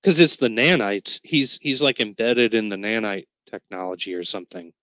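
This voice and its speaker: A man's voice: on the low side, moderate pace, a bit bright, no echo. A man co-hosting a podcast, talking casually and animatedly about a comic book, rambling and swearing now and then. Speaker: podcast co-host.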